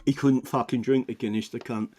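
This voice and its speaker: A political commentator from England delivers a furious, profanity-laden political rant, stammering and restarting again and again. His mid-range voice is steady in tone and brisk, and the background is noisy.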